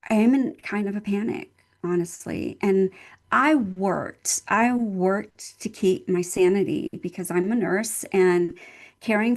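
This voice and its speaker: A woman's voice: mid-range voice, a little mellow. An older woman, a nurse and guest speaker, telling a personal story in an interview in an earnest, heartfelt way, leaning on repeated phrases for emphasis. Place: at home in Texas.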